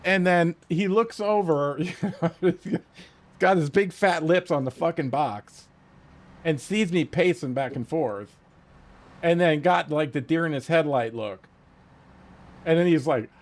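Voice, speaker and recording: Profane, animated man telling a story. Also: on the high side. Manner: laughs often at his own story. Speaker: game streamer. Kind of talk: casual storytelling while playing.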